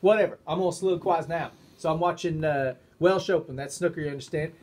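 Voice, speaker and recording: Deadpan co-host with a higher voice. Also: male voice, fast talker. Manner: deadpan, dry quips. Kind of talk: casual livestream chat.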